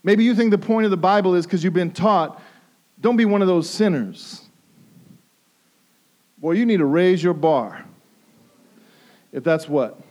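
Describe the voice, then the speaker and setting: A male pastor preaching a sermon, emphatic and repeating phrases for stress, moving between hushed intensity and raised pleas. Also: high voice, animated, a little slow, long pauses.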